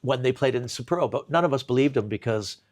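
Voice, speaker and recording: A man telling a long comic story in a kitchen chat, animated, full of restarts and bursts of laughter. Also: mid-range voice, quick pace. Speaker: comedian guest.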